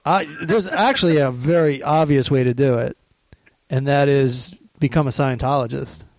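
A man's voice: medium pitch, normal speed, no echo. A man hosting a casual podcast, joking and teasing his guest with profane banter. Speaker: podcast host.

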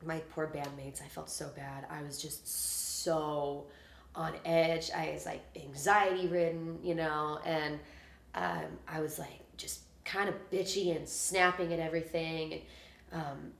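A woman with a slightly low voice chats casually about her life as a musician. She tells stories in a lively way and acts out the quotes. The room around her sounds echoey. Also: a little slow, creaky. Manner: chatty storyteller, acts out quotes. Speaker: musician guest. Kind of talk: casual chat.

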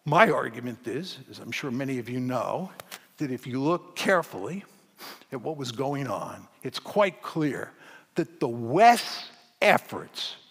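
A man giving a public lecture to an audience, arguing his point forcefully and hammering it home with emphatic repetition. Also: medium pitch, big pitch swings, unhurried, vocal fry, breathy edge, long reverb tail.

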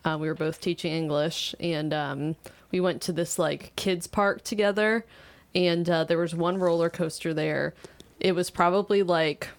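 Low-voiced woman telling a story. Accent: Kentucky. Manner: laughing, self-deprecating storytelling. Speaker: podcast guest. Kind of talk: casual podcast chat.

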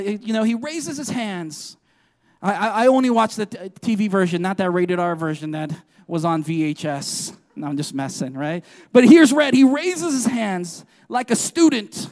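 A man's voice: extremely high pitch, a little mellow. A male pastor preaching a sermon in an earnest way, often putting questions to the congregation.

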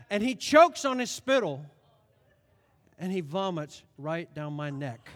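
High-voiced preacher in a reverberant hall. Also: male voice. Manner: animated storytelling, swings loud and soft. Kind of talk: sermon.

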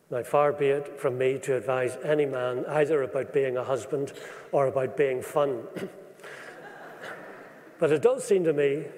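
A man delivers a sermon in a steady voice of middling pitch. He speaks earnestly and deliberately and slows down to stress verses. His voice rings with the long reverb of a large hall. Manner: measured, earnest preaching with slowed emphasis on scripture. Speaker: preacher.

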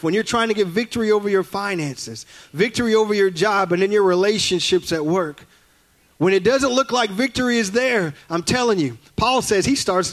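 A man preaching a sermon as a guest speaker in a church, telling folksy stories and acting out family voices. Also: high-pitched.

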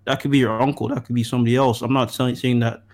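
Measured man, middle pitch. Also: flat delivery, darkish tone. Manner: measured, lays out points in order, stammers on restarts. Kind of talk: casual podcast discussion.

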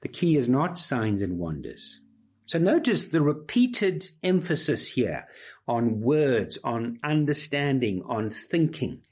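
Emphatic preacher with a husky, lively voice. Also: male voice, mid-range voice, slow pace. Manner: emphatic, rhetorical repetition. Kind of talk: expository sermon.

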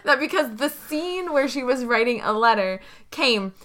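A woman playing a tabletop game, animated and giggly, stumbling over long English words that are not her first language. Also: high voice, normal speed. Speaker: player. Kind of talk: casual tabletop game chat.

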